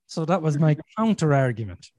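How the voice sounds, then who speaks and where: A man talks bluntly and swears freely, slipping into the voices in his own head. His voice sits a little high for a man. The sound is dry and close, with no room around it. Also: sing-song, brisk, a little mellow, no echo. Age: 40s. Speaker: podcast host. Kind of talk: casual conversation.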